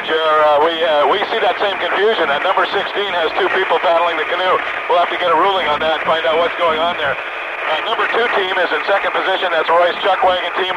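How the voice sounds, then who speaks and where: A man calls a race live for radio, quick and pitched a little high, stumbling over fillers as he juggles reports. Loud engine roar sits right under his voice from the aircraft he rides in. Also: dull audio, very noisy. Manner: brisk, hesitant with fillers. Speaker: radio play-by-play host.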